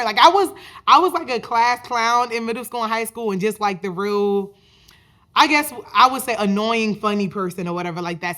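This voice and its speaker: A woman in her twenties hosting a podcast, telling a personal story in a chatty, animated way, full of "like". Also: medium pitch, a little fast. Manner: chatty, animated, many fillers like "like". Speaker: podcast host. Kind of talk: casual storytelling monologue.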